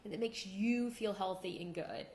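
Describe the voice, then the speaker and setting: A woman's voice: medium pitch, normal speed, a little mellow. A woman hosting a casual talk show, speaking reflectively and chatting with a guest. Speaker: host. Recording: roomy echo.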